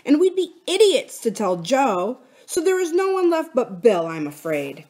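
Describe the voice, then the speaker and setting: A woman reading aloud, voicing a brave, practical schoolboy who calms the others in an earnest, steady voice. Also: high-pitched, normal speed, voice pushed up. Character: boy, brave, practical and reassuring.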